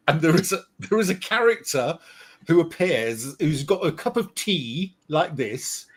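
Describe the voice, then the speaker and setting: A man's voice: on the high side, very animated, measured pace, slightly rough. Dry, teasing British male co-host. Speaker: podcast co-host. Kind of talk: casual podcast chat.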